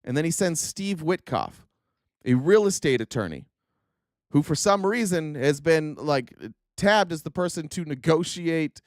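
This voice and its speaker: A man's voice: a little high, lively intonation, measured pace, no room sound, studio quality. Profane, exasperated male commentary host. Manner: reads quotes aloud then mocks them. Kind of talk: livestream political commentary.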